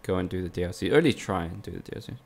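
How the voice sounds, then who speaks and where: Man, game streamer, low gravelly voice, teasing sweary chat banter, casual commentary. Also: animated, very fast, a little mellow, a little hiss or hum.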